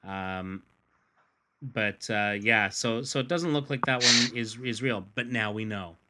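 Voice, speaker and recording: A man's voice: lowish voice, unhurried, pushed and bright. A man casually retelling a comic book story, acting out the characters' lines in put-on voices and laughing often. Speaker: podcast host.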